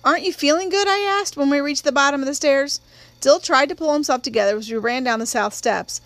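A woman narrating an audiobook in a measured storytelling voice. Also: high-pitched, a bit bright, no room sound.

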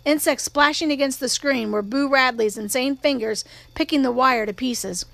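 A woman narrating an audiobook in a steady, measured voice, pitched somewhat high. The recording is close and dry, with no room sound. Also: gravelly, no room sound. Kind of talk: audiobook reading.

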